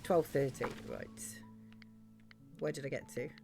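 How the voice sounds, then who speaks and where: Over music, a woman streamer rambles through casual commentary on a cozy farming game, thinking aloud with plenty of ums and likes. Her voice is extremely low and creaky, with a steady tone and measured pace.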